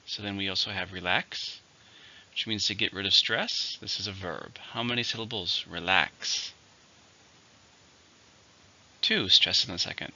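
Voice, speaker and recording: A man with a rather low voice and a very bright, sharp tone teaches English vocabulary. He counts syllables, marks the stress and says each word with care. The recording sounds slightly dull and lo-fi. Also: steady tone. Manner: slow, deliberate word drills with example sentences. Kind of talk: vocabulary lesson.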